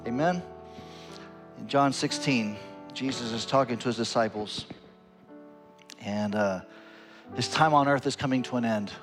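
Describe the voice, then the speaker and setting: A man's voice: unhurried, pauses often, soft background music. A male pastor preaching a sermon in an earnest way, voice rising and falling widely. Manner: earnest preaching with wide swings in pitch and loudness.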